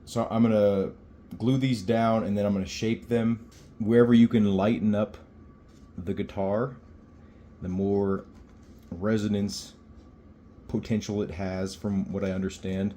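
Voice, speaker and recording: A man building a guitar, talking casually to camera as he works and thinking aloud with pauses. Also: lowish voice, steady tone, dark tone, a little hiss or hum.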